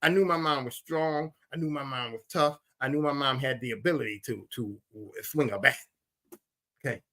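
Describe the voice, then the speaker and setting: Bright-voiced man telling stories. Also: medium pitch, normal speed. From Philadelphia. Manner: animated, repetitive, emphatic retelling. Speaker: podcast host. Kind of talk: casual storytelling.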